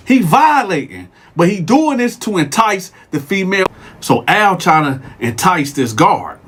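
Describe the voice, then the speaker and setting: A man hosting a show, telling a story in a casual, animated way and repeating words as he goes. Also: high voice, slightly rough. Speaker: storyteller host.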